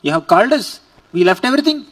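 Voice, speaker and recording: A man's voice: sits high, sing-song, fast, fairly bright tone, distant mic, voice pushed up, exaggerated voice. A man voicing devoted young village women reproaching their god in a pleading tone, within a scripture lecture. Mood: reproachful.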